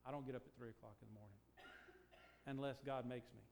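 An older man preaching a sermon, moving from quiet, reflective talk to slow, emphatic declarations. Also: medium pitch, steady tone, vocal fry, slight background noise. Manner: preaching, swings from hushed to emphatic, stretched slow phrases. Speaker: pastor.

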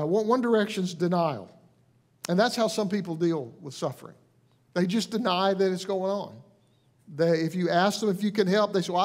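A male pastor with a high voice gives an earnest, gentle sermon in a conversational style. He often restarts phrases and softly drops into quoted lines.

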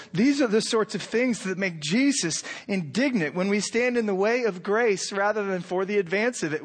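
A middle-aged man preaching a sermon, animated, acting out imagined lines with rising intensity. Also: high voice. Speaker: pastor.

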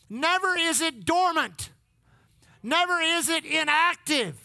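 A man's voice: very high-pitched, big pitch swings, takes it slowly, sharp tone, no room sound. A man, preaching a sermon who repeats his phrases and calls out to the congregation. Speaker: pastor. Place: church.

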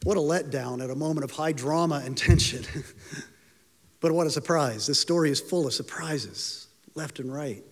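A man preaching a sermon and retelling a story, lifting his voice when he acts out the people in it. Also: normal speed. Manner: storytelling, voices quoted lines with rising pitch. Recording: long hall reverb.

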